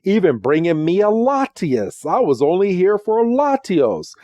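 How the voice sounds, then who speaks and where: A man's voice: sits high, very animated, a little slow, dark tone, no room sound, voice pushed up. A man voicing a smug, greedy male creature hunter who gloats, quoted during a podcast recap. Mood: gloating.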